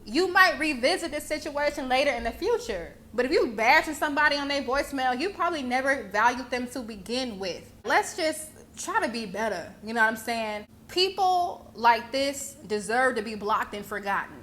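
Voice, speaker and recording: A woman's voice: high-pitched, expressive, moderate pace, hardly any pauses, fairly bright tone. A young woman giving blunt, profane commentary in a casual, sassy way. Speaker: vlogger commentator.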